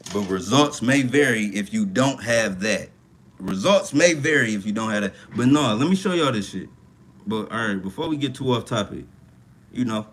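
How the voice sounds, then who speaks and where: A man's voice: lowish voice, slight background noise. A young man hosting a casual livestream, talking in a profane, rambling way and reacting to chat comments. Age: young adult. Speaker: livestream host. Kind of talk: casual livestream talk about money.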